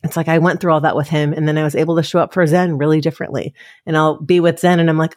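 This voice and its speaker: A woman's voice: sits low, steady tone, fast talker, darkish tone, dry recording. Earnest woman podcast host, dry sound. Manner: earnest, reflective, tearful at times. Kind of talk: heartfelt conversational chat.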